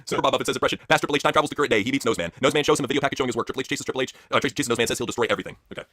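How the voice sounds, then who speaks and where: A man reading out viewer suggestions for a comedy skit in a flat, quick way. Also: medium pitch, no echo. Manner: flat quick read-outs. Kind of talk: casual reading aloud.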